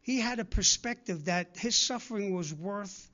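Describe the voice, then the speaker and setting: At a moderate pace, a man with a high-pitched, bright voice and forceful tone preaches to his congregation; the recording's highs are cut off. He repeatedly and earnestly urges them on, acting out the people he quotes.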